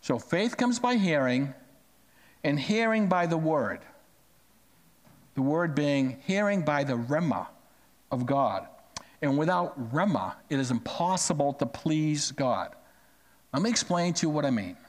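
A man's voice: lively intonation, unhurried, pauses often. A man preaching a sermon, stressing key words and asking questions that he answers himself. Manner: emphatic, drops pitch to stress key words; asks and answers his own questions. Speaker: pastor.

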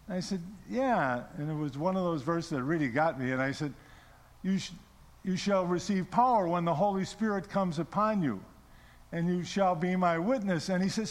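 Speaking at a normal pace in a high voice with a long reverb tail, a middle-aged preacher shares his personal testimony. He tells his story through repetition and turns to the congregation with questions.

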